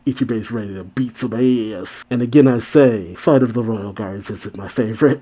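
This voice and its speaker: A man hosting an anime reaction, chatting casually with excited, laughing asides. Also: on the low side, moderate pace, few pauses.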